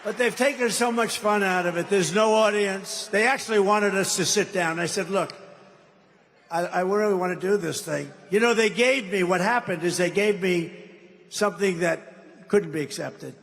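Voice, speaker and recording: At a campaign rally in a large hall full of people, an older political candidate rambles and mocks, teasing the crowd with asides. His voice sits high and fairly bright at a normal speed, with long hall reverb and faint ambience around it.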